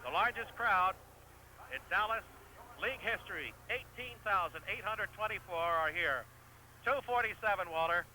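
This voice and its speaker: A man calling a live soccer match play by play, who gets excitable and shouts the goals, on an old broadcast recording. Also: high voice, normal speed, a little hiss or hum, poor audio. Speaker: play-by-play commentator.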